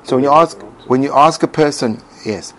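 Male host, reflective talk, musing and restarting, mid-pitched, light hiss behind. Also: normal speed, fairly bright tone, rough recording. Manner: musing, many restarts and fillers. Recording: faint background noise.

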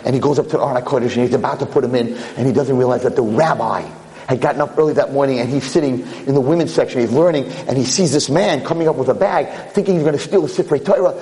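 A male lecturer telling a story in a sermon, animated and acting out its characters. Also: medium pitch, rapid-fire. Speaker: Torah lecturer. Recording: long hall reverb.

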